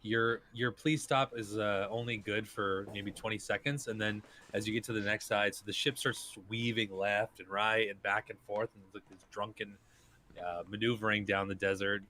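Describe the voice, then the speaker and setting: Man, low voice, game master, relaxed tabletop narration, faint background hiss. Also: normal speed. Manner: relaxed, loose narration with restarts.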